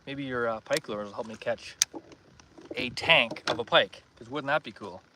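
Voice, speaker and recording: Chatty man streaming outdoors in loud wind. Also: medium pitch, moderate pace, distant mic. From Northern Ontario, Canada. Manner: relaxed, chatty, reads and answers viewer comments. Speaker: fishing livestreamer. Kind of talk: casual live-stream chat. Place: outdoors by a lake on a windy day. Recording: loud wind noise over outdoor mic.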